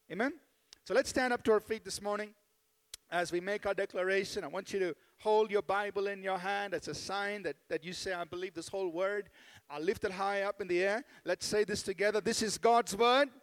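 A man with a very high voice preaches a sermon from the pulpit. He keeps checking in with the congregation for amens. The sound carries a long reverb from a large church hall. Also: a bit bright. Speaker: pastor. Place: church sanctuary.

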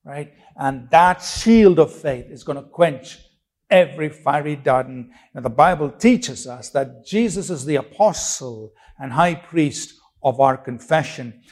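A man's voice: a little high, unhurried, a little mellow. A man preaching a sermon, emphatic and repetitive, with rhetorical questions and frequent restarts.

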